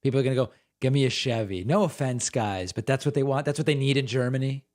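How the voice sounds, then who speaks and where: A man's voice: medium pitch, quick pace, darkish tone. A man hosting a live political commentary stream, dropping sarcastic asides over played footage. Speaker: host.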